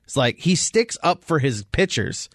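Guy cohosting a sports pod, higher voice, super lively, dry close mic. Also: a little slow, no echo. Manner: animated storytelling, acts out quotes. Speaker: podcast co-host. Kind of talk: casual sports chat.

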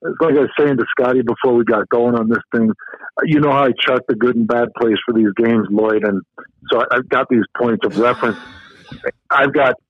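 A man's voice: medium pitch, steady tone, a little fast, breathy edge, dry recording. A man co-hosting a sports podcast, giving an emphatic, detailed breakdown of a game. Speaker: co-host. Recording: tinny phone-line sound.

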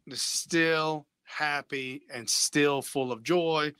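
A man with a bright, forceful voice, recorded dry and close. He talks on a casual panel, moving from wry quips to earnest urging. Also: fairly high pitch, fairly even intonation, slow pace, clear, resonant tone, no echo. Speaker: show panelist.

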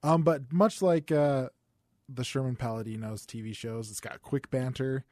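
A man's voice: mid-range voice, moderate pace, dry recording. Laid-back man on a podcast, dry close sound. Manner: relaxed, enthusiastic, laughs easily. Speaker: podcast co-host. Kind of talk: casual chat.

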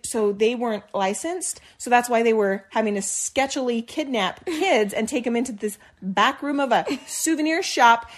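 A young woman co-hosts a chatty podcast and tells a story with lots of energy. Her voice sits a little high, and she slips into acted-out quotes as she talks, laughing often. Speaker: podcast co-host. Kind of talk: casual chat, storytelling.

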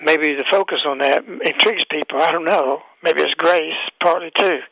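A man's voice: a little high, normal speed, gravelly, pushed and bright, no echo, low-quality recording. A man hosting a radio talk show, delivering an emphatic, preachy monologue full of rhetorical questions.

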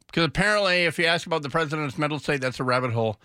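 A man hosting talk radio mocks politicians in sarcastic, offhand commentary. His voice sits a little high and sounds bright and forceful. It is recorded dry and close. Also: expressive, rapid-fire, no room sound. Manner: sarcastic, mocking.

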